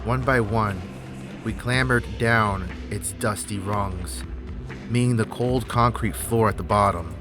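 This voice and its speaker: A man narrating a horror story in a measured, tense storytelling manner. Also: lowish voice, music in the background.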